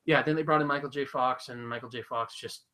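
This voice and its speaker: Man telling an animated story. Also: medium pitch, a little fast, rough recording. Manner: animated storytelling, acts out quotes. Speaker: podcast co-host. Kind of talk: casual chat. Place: small room, live podcast.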